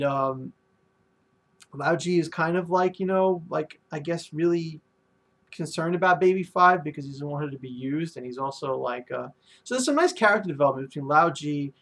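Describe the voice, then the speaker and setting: Rambling man with a higher voice. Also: a bit bright. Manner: rambling, full of ums and likes. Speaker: manga reviewer. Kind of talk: casual chapter review.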